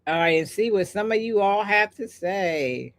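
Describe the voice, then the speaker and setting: With a mid-range voice, lively intonation and normal speed, an older woman hosts a live stream and works through the chat comments. She falls into a preacher-like, emphatic, repetitive rhythm and keeps stopping for chatty asides.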